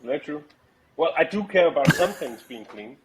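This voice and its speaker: A man's voice: a little high, expressive, normal speed, noisy background. A man with a non-American accent, a podcast guest chatting over a video call, hesitant and repeating his words. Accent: non-American English.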